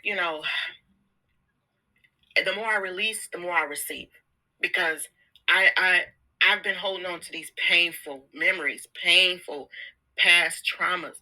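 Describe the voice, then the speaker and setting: On a low-quality recording, a woman vlogs an informal pep talk full of slang, laughing a lot and saying words more than once. She has a lowish voice that sounds pushed and bright, in the manner of a candid self-help vlogger.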